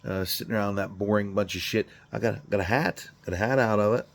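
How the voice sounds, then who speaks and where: In a brisk, gravelly, lowish voice, a middle-aged man from a garage channel talks casually and without much direction. Worn out and yawning, he swears freely and makes jokes about himself.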